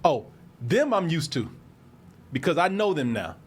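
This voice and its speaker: A man's voice: fairly high pitch, very animated, measured pace, a little hiss or hum. A man on a podcast, telling stories in casual chat, cursing freely and laughing often. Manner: laughing, profane storytelling. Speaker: podcast co-host.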